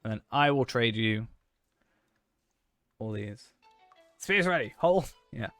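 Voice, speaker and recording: A man's voice: medium pitch, animated, takes it slowly, a bit bright. A man, streaming a game and chatting casually with viewers while he plays, cracking jokes. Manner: joking, chatty, talks to chat while playing. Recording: faint background music.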